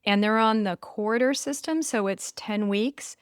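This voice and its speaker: A woman's voice: medium pitch, unhurried, clear, resonant tone, no echo, clean studio sound. A middle-aged woman hosting a podcast, chatting casually and animatedly, laughing easily. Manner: animated, laughing, acts out quotes. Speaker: podcast host. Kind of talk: casual chat.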